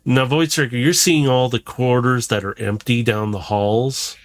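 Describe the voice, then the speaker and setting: A man runs the game, describing each scene in a loose, chatty flow with frequent chuckles. His voice sits at an ordinary middle pitch. The sound is dry and close, with no room echo. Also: fairly even intonation, normal speed. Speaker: game master. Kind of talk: narrating a tabletop game.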